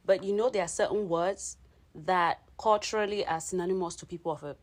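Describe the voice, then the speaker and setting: A woman from Cameroon co-hosts a relaxed podcast conversation. Her voice sits on the lower side, and she often tags her points with "right?" as she explains. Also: a little fast. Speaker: podcast co-host. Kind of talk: casual chat.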